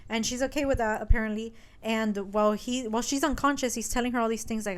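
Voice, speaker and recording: A woman's voice: a little high, fast talker. A woman co-hosting a podcast, chatting casually and crudely, acting out characters from a book. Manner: animated, acts out characters, crude humor. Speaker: podcast co-host.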